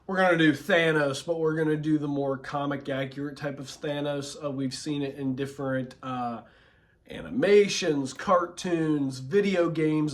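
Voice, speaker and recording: A man with a hoarse, sore voice, chatting casually to camera in a relaxed, rambling way between voice impressions. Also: mid-range voice.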